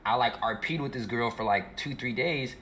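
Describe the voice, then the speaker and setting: A man's voice: mid-range voice, normal speed, a bit bright, a little hiss or hum. A young male streamer telling a long story in a slangy, profane, rambling way while he plays. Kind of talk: casual storytelling while gaming.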